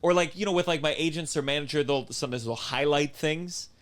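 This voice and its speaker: A man co-hosting a casual comedy podcast, talking fast and nodding along with quick agreements. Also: a little high, fairly bright tone. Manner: quick talk, lots of backchannel agreement. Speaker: podcast co-host.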